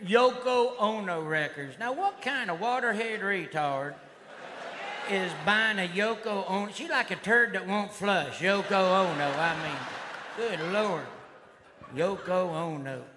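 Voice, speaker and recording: Rowdy comedian, high, loud hall. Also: male voice, expressive, measured pace. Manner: rowdy redneck persona, drawling and shouting. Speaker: stand-up comedian. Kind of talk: stand-up routine. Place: live comedy stage. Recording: live hall recording with crowd noise. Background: audience laughter and noise.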